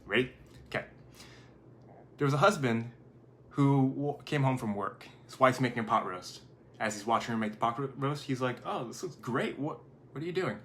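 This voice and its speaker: A man in his thirties giving a casual motivational talk to camera. He tells stories in a loose, conversational way and often stops to correct himself. His voice sits at an ordinary middle pitch. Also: fairly bright tone, slight background noise. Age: 30s. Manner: conversational storytelling, frequent self-corrections. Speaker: video host.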